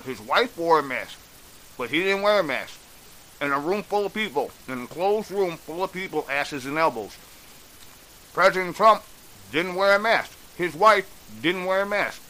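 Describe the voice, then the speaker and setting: A man rants in a blunt, exasperated way and swears without holding back. His voice is bright and forceful and sits a little high. A faint hiss runs under the recording. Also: expressive, moderate pace, poor audio. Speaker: political commentator. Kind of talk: ranting opinion vlog.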